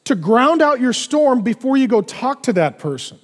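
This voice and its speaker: A male pastor preaching a sermon in an animated way, acting out little dialogues in other voices. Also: extremely high pitch, moderate pace, long reverb tail.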